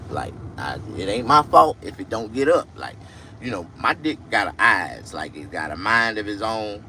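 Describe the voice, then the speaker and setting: Loud crude man telling stories. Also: lowish voice, big pitch swings, normal speed, creaky, slight background noise. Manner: crude, loud, shrieking storytelling. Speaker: comedian. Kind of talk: comic monologue.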